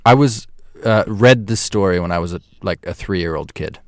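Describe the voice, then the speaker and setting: A man's voice: low-pitched, moderate pace, no echo, studio quality. A man co-hosting a student comedy radio show, easily amused and telling jokes in casual banter.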